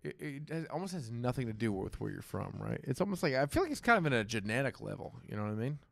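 A man with a Southern Ohio accent, hosting a casual chat, animated, swearing freely and laughing often as he acts out quotes. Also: medium pitch, quick pace, gravelly. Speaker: host.

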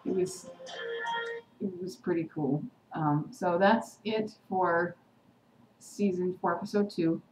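Soft music plays in the background as a woman with a fairly low, darkish voice recaps a TV episode slowly in her casual vlog. Heated and indignant, she slips into sarcastic mimicry, and the echoey room carries faint ambient noise.

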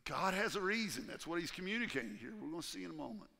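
High-pitched animated male preacher. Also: fast, vocal fry, big-room sound. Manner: animated, acts out quoted voices. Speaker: pastor. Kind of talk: sermon. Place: church sanctuary.

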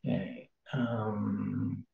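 A man teaching scripture in a slow, unhurried way, stopping often to think aloud and filling gaps with ums and uhs. His voice sits at an ordinary pitch and sounds roomy and a little dull, recorded on a computer mic while he shares his screen. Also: level tone, creaky. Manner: thinking aloud, hesitant with many fillers. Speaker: Bible study teacher. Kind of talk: informal Bible study teaching.

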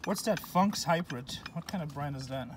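Speaking at a moderate pace in a slightly high voice, this vlogger casually reads labels aloud in short bursts, adding mumbled asides as he shows a collection. The clip was shot on a handheld phone indoors at a shop, with heavy clinking and handling noise.

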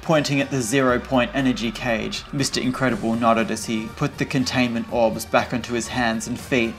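A man reading fan fiction aloud in a casual way, breaking off for sarcastic asides as the channel host. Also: mid-range voice.

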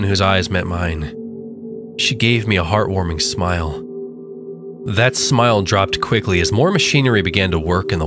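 A man narrating a creepy story in a measured, dramatic storytelling manner. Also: fairly low pitch. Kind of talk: scripted horror narration. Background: faint background music.

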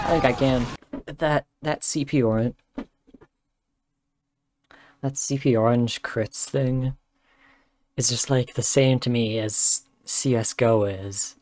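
A man with a hoarse, worn-down voice gives rambling, excitable live commentary while streaming a game from his room. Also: medium pitch, takes it slowly, long pauses, noisy background. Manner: rambling and excitable, joking and laughing. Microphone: desk microphone.

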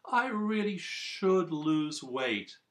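A man's voice: fairly high pitch, sing-song, extremely slow, reverberant, voice pushed up, heavily acted. A man putting on the voice of a groveling, submissive underdog who eagerly agrees with everything. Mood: fawning. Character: fawning submissive underdog, a groveling people-pleaser.

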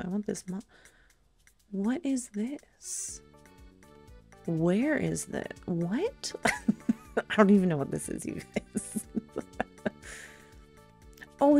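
A woman hosting a let's play, giving casual gameplay commentary. She is excitable, exclaims and thinks aloud as she plays, and talks straight to her viewers. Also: medium pitch, gravelly, breathy edge.

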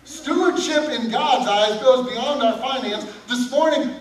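High-voiced preacher in an echoey sanctuary. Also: male voice. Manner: animated preaching with questions thrown to the congregation. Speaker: pastor. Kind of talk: sermon. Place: church sanctuary. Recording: echoey sanctuary, distant mic, faint room noise.

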